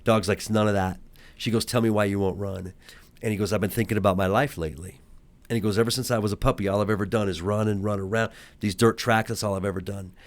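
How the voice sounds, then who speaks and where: A man speaks quickly and with emphasis as he tells a story on a podcast. His voice sits fairly low and moves fast. The talk is a relaxed, casual conversation. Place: podcast studio at a table.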